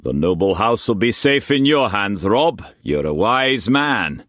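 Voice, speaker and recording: A commanding merchant captain gives his orders firmly and in clipped phrases, as a male narrator puts him on. The voice is low and unhurried. It is recorded dry and close. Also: sing-song, a bit bright, no echo.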